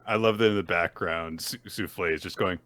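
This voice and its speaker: A man's voice: sits low, a little fast, a bit bright. A man co-hosting a manga recap podcast, chiming in with jokes and laughs. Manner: jokey interjections, laughs along. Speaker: podcast co-host. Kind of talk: casual manga recap chat.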